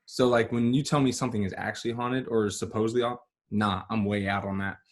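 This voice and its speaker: A man who is a podcast guest, telling a story in a relaxed, rambling way with many fillers and restarts. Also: on the low side, fairly quick, slight background noise. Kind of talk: casual storytelling.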